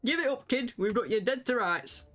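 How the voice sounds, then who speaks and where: Lady doing a gravelly gruff northern detective guy, lower than her own voice, cocky game inspector. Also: lively intonation, a little fast, faint music behind, close to an everyday voice. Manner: gruff hard-boiled detective talk.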